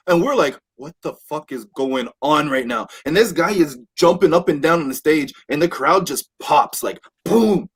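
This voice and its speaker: Animated storytelling man, high voice. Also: normal speed, few pauses, slightly rough. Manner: animated, swears a lot, acts out quotes. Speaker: podcast host. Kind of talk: casual storytelling among friends. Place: indoor podcast room with friends.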